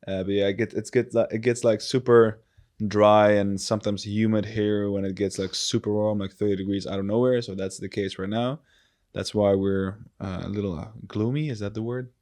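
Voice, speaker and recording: Rambling low-voiced young man host. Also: steady tone, moderate pace, darkish tone. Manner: rambling, self-correcting, joking. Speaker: podcast co-host. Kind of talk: casual comedic chat.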